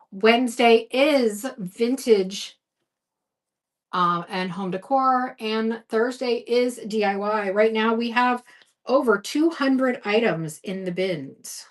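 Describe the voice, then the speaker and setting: A middle-aged woman hosting a live-stream craft sale, chatty and upbeat, thanking viewers by name. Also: fairly high pitch. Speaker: host selling craft supplies. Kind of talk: live-stream selling chat.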